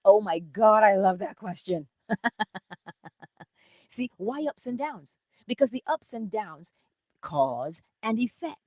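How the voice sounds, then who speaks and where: A woman hosting a morning inspiration stream, giving an animated motivational talk that moves between loud cheering and soft whispers, laughing often. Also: medium pitch, dry recording, studio quality.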